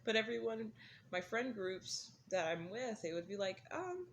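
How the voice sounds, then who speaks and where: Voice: medium pitch, moderate pace, a bit bright, slight background noise. A vlogger in a casual, rambling chat, laughing often and making fun of themself. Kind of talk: casual chat while smoking.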